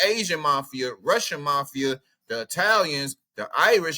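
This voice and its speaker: An outspoken man talks through a news reaction in loose, animated commentary. His voice is bright and forward at a mid pitch, and he muses aloud while he looks things up. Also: unhurried, few pauses. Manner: animated, outspoken, thinks aloud while browsing maps and texts. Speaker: commentary channel host.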